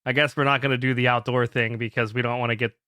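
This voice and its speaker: A young man co-hosting a podcast, telling a story animatedly with lots of swearing and loud laughs. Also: mid-range voice, little pitch movement, fast talker, dry recording, clean studio sound. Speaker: podcast co-host. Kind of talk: casual chat.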